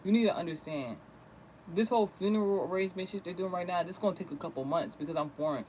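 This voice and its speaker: A man vlogging a casual storytime rant, animated, gossipy and full of profanity. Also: sits high, quick pace, slight background noise, poor audio.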